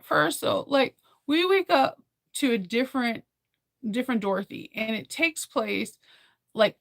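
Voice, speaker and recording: A young woman in casual chat, rambling and animated as she recaps a film, full of fillers and laughs. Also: medium pitch, gravelly, no room sound, studio quality. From United States.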